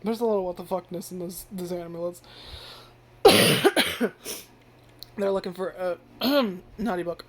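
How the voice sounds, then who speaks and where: A woman's voice: fairly low pitch, a little slow, pauses often. Rambling, foul-mouthed woman reviewing anime. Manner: rambling, heavy use of filler words and frequent swearing; animated, jumps into loud acted-out reactions. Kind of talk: casual first-impressions commentary.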